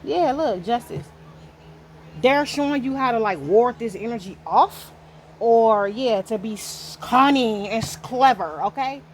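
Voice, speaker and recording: A woman's voice: on the high side, unhurried, slight background noise. A woman giving a casual spiritual tarot reading, talking straight to the viewer in an emphatic, slangy and profane way. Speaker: tarot reader.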